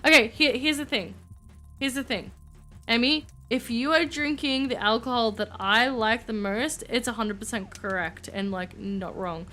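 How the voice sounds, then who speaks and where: A woman streamer in casual live-stream chat, excitable, loud and gushing. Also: a little high, moderate pace, soft background music.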